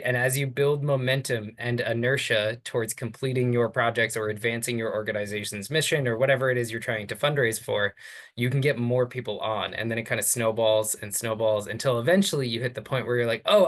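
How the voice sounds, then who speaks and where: A man's voice: medium pitch, fairly bright tone. Man, mid-range voice, casual, filler-heavy, webinar panel, video call. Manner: casual, lots of "kind of" and "right?". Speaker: cultural center fundraiser on a panel.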